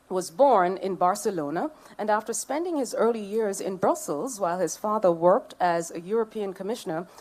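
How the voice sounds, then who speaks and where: A woman's voice: mid-range voice, darkish tone. A woman with a Jamaican accent, serving as master of ceremonies at a public event. She speaks into a podium microphone, reading out dignitaries and bantering playfully with the audience. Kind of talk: ceremonial emcee address.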